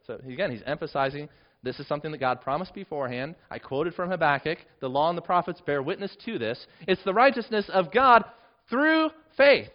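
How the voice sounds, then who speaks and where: High-voiced preacher guy, really lively up and down delivery, kinda muffled recording. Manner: emphatic preaching with big swings in pitch and volume. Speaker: pastor. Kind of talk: sermon.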